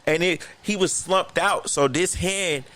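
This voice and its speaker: A man co-hosting a podcast, telling a long story in an animated, profane, slangy way. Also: high-pitched, a little slow. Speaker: podcast co-host. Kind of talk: casual storytelling chat.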